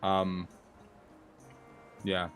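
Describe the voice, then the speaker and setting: Low voiced streamer guy, dry sarcastic rambling chat, faint game music behind. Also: completely flat delivery, drawn-out words, a bit bright. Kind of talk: casual live-stream chat.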